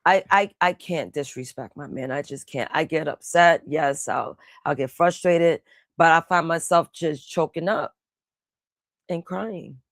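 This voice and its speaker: A young woman with a slightly low voice jokes and teases through casual stream banter, full of slang and quick jabs. The sound is dry and close to the mic. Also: dry recording. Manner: animated, teasing, slangy. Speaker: stream co-host.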